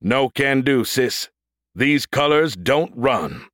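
A cocky, wisecracking male battle android, eager for a fight and full of jokes, played by a male narrator. His voice sits at an ordinary middle pitch, dry and close in an audiobook reading. He stammers now and then over his lines. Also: expressive, slow, a bit bright, no room sound. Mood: cocky, joking. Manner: cocky, joking banter with stammered "R-, Roger".

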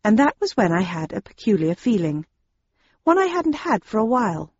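Husky woman narrating. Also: mid-range voice, moderate pace, no room sound, lo-fi sound. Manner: wry and expressive storytelling. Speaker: audiobook narrator. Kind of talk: first-person audiobook narration.

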